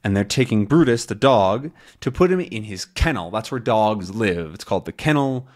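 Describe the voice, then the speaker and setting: A man's voice: lowish voice, lively intonation, normal speed. A man reading a comic aloud for English learners, explaining words and acting out the characters' lines. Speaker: English teacher.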